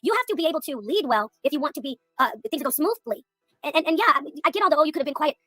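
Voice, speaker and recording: A woman in a heated livestream argument, her voice high and her words tumbling out at breakneck speed. She curses freely and pushes past interruptions. The sound is dry and close, with faint music underneath. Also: very animated, sharp tone, no room sound. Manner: rapid, profane, indignant, talks over others. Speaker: livestream panel guest.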